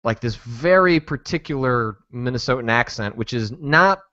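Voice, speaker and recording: A man's voice: medium pitch, expressive, moderate pace, sharp tone, dry recording. A man hosts a casual podcast chat and rambles through his points with hesitations. His voice sits in a middle range. The sound is dry and slightly muffled. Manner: rambling, hesitant, lots of restarts. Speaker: podcast host.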